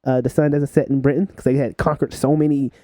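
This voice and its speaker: A man's voice: medium pitch, little pitch movement, quick pace, warm tone, no echo. Laughing young man telling stories. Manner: laughs while telling stories, many fillers. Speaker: podcast guest. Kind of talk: casual storytelling chat.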